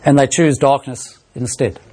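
A man preaching a sermon, expounding a Bible passage and reading scripture aloud in a measured way. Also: medium pitch, steady tone, darkish tone.

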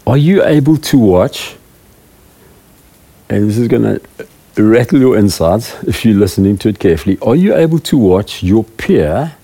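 A man's voice: medium pitch, warm tone, slightly rough. A middle-aged man, a preaching elder, giving a rambling, self-deprecating talk to a small group of church leaders. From South Africa.

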